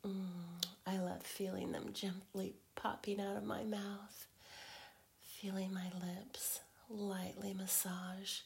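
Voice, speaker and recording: A woman in a whispered role-play as a girlfriend, teasing in slow, breathy whispers broken by soft hums. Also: medium pitch, flat delivery.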